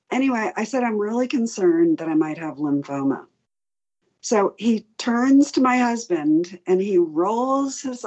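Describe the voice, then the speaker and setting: In an interview with dull-sounding audio, a middle-aged patient advocate with a medium-pitched voice tells her personal story candidly. She animates the retelling by acting out what the doctors said.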